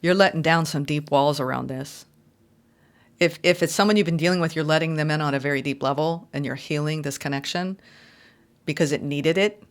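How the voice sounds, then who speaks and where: A woman giving an intuitive tarot reading, heartfelt and effusive, sometimes reading card meanings aloud in a gentle, spiritual manner. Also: sits low, brisk. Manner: emotional and effusive. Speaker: tarot reader.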